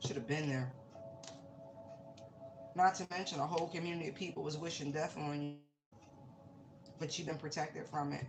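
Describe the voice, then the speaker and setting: A woman's voice: low-pitched, steady tone, moderate pace, long pauses. A woman giving a casual tarot reading, talking bluntly and swearing freely. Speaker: tarot reader. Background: music.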